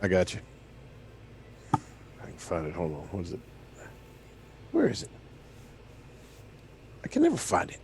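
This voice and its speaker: A man's voice: low voice, huge pitch swings, measured pace, gravelly, long pauses, darkish tone, a little hiss or hum. A man playing a tabletop game, speaking persuasively in character and bluntly to his teammate. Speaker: player.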